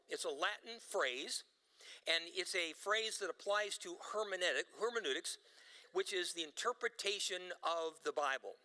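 Male pastor, emphatic sermon delivery, very bright tone, long church reverb. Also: sits high. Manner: emphatic preaching, stretches quoted lines slowly. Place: church sanctuary.

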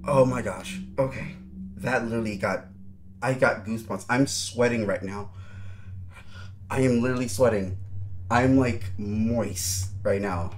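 A man's voice: mid-range voice, a little slow, slight background noise. A man giving nervous running commentary while playing a horror game, talking straight to his viewers. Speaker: gaming YouTuber.

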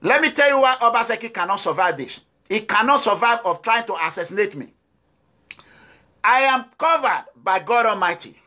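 A man's voice: high voice, animated, moderate pace, sharp tone. A Nigerian man speaking English with a Nigerian accent, giving a fiery, defiant address to his followers with repeated declarations. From Nigeria (Edo State). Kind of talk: impassioned video address.

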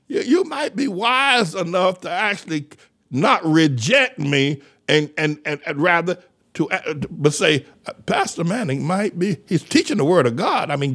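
An older man preaching a fiery sermon as pastor, shouting, mocking and repeating phrases over and over. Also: high-pitched, slightly rough. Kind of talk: fiery street-style sermon.

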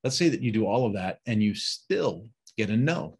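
A man's voice: fairly low pitch, big pitch swings, moderate pace, husky. A man teaching a webinar, coaching staff directly, asking rhetorical questions and acting out sample phone calls. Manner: acts out phone calls in quoted voices. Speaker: sales and service trainer. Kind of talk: webinar instruction.

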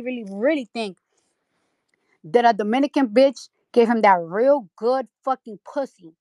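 This clip captures a rapper's angry live-stream rant in the audio chat room she hosts, full of profanity and repeated lines for emphasis into a phone mic. Her voice is high-pitched, pushed and bright. There's no echo.

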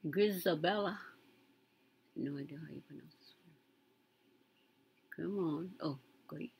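Low husky woman chatting casually. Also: unhurried, a little mellow, poor audio. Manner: chatty, muttering to herself, reads aloud with emphasis. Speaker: content creator reading news. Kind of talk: casual commentary while browsing.

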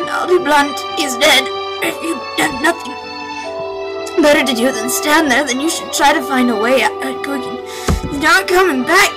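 A high-pitched woman reads a game's dialogue aloud in a melodramatic, voice-acting way and keeps breaking into laughter between lines. Loud game music plays steadily behind her voice. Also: a little slow. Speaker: let's play gamer voicing game dialogue.

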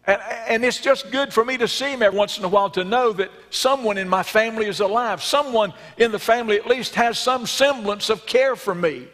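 A man's voice: high-pitched, brisk, hardly any pauses, fairly bright tone, voice pushed up. A male preacher voicing a grieving mother who pleads for her son's life, in an earnest storytelling manner. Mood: pleading. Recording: long reverb in a church sanctuary.

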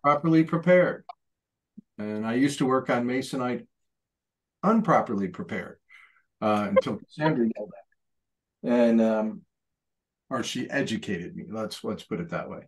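A man's voice: medium pitch, expressive, normal speed, long pauses. A man chatting casually on a video call while painting, rambling and correcting himself. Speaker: artist painting during a group session.

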